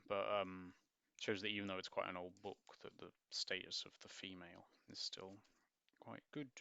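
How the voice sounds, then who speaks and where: A man's voice: fairly low pitch, gravelly, pushed and bright, dry recording. A man reading a picture book aloud and breaking off for wry, musing asides with hesitant ums. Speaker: book reviewer.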